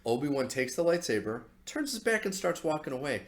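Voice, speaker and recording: A man's voice: fairly high pitch, big pitch swings, fairly quick. A man co-hosting a podcast in casual chat, blunt and dismissive, often agreeing with short grumbled remarks. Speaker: podcast co-host.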